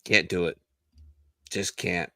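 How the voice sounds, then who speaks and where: A man with a low voice hosts a casual podcast, joking and swearing freely as he banters. The sound is dry and close, with no room echo. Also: fairly even intonation, slow pace, pushed and bright. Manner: profane, loose, joking. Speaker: podcast host.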